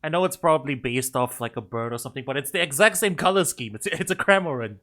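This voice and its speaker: A man's voice: medium pitch, expressive, fast talker, fairly bright tone. A man streaming a game, chatting casually and laughing often, poking fun at himself as he reads along. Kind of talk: casual gameplay commentary.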